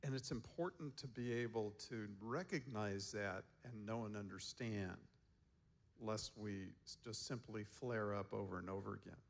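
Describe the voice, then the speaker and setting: A man giving a seminar talk as a counselor, telling stories in a relaxed way and chuckling often. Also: lowish voice, normal speed, vocal fry. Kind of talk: storytelling talk to a seminar group.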